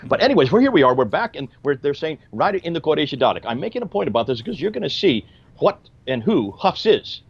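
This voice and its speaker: Emphatic lecturing man, lively pitch. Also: fast talker, creaky, breathy edge, muffled recording. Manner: emphatic, didactic, asks rhetorical questions. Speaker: commentator. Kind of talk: lecture-style commentary.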